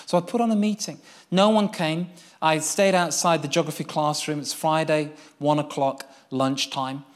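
A young man preaches through his own story, his voice sitting a little high. He moves between bursts of excitement and quiet, earnest moments as he recounts it. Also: moderate pace. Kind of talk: personal testimony sermon.

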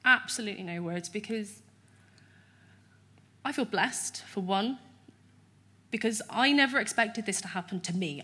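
A woman, giving a chatty, animated testimony in an interview at church. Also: medium pitch.

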